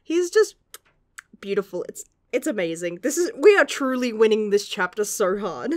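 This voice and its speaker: A woman's voice: medium pitch, big pitch swings, normal speed, dry recording, clean studio sound. A young woman gushing through a casual manga chapter review, laughing often and swearing casually.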